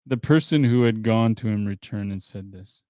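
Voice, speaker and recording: A man hosting a podcast, reading a translated traditional story aloud in a plain, steady way, with dry offhand asides. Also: lowish voice, normal speed, dry recording. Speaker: podcast host.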